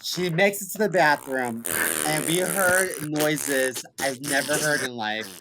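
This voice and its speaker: A young man co-hosting a podcast, telling a funny family story in a casual, animated way and laughing as he goes. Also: fairly high pitch, slow, background noise. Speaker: podcast co-host.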